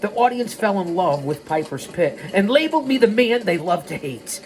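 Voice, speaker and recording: A man hosting a storytelling show, reading in the first person and breaking into animated tangents. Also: high voice, moderate pace. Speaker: host.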